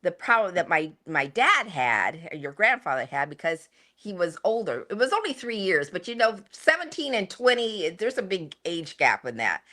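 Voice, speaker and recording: A woman's voice: lowish voice, moderate pace. A woman in her sixties, a mother telling family stories in a casual chat, laughing often. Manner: animated, laughing storyteller. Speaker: guest, the host's mother.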